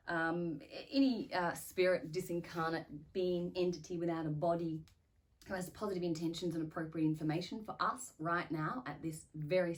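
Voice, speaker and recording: A woman's voice: fairly low pitch, far from the mic. A woman, a spirit medium, introducing her session in a hesitant way with many fillers. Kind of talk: casual spiritual talk to camera.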